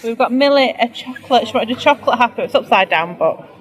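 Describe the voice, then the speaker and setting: A woman with a fairly high voice talks quickly and with lively intonation, chatting casually to her phone camera for a family vlog. She rambles and laughs often, first in a car and then in her bathroom at home.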